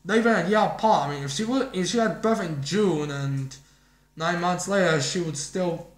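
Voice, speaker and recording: A man's voice: high voice, moderate pace. A man casually reviewing a manga chapter, rambling and thinking aloud as he goes. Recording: roomy echo.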